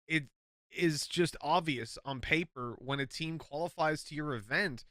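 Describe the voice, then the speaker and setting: Irish caster, bright forceful tone, dry close mic, blunt and sweary. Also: male voice, fairly high pitch, a little slow, dry recording. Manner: blunt, frequent swearing, emphatic rants. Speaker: esports caster. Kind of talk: casual podcast chat.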